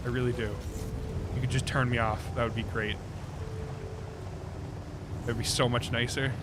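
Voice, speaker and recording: A man's voice: medium pitch, flat delivery, moderate pace, heavy background noise. A young man with a Midwestern accent, chatting sarcastically and rambling while streaming a game. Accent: Midwestern American. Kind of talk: casual gaming stream chat.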